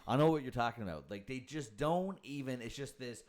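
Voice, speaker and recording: A man's voice: mid-range voice, expressive, fairly quick. A man co-hosting a podcast, joking casually and laughing often. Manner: laughs often, short quips. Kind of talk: casual chat. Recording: echoey room.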